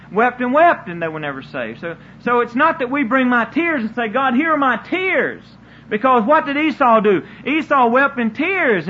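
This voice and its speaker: A man's voice: extremely high pitch, a little hiss or hum. A man preaching a sermon in an earnest, repetitive style, often restarting his sentences. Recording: dull lo-fi sermon recording.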